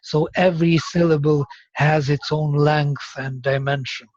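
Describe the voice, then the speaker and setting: Patient teacher, breathy tone, muffled call audio, steady middle pitch. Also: measured pace, no room sound. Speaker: Sanskrit teacher. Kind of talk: online class explanation.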